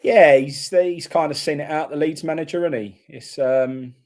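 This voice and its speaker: A man's voice: on the high side, normal speed, darkish tone. A man hosting a live football watchalong, chatting casually and reacting bluntly to the play.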